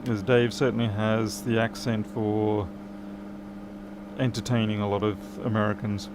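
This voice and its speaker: Working away on a live stream against a noisy background, an Australian repair streamer answers chat questions with dry humour. His voice is lowish and flat, and he speaks unhurriedly.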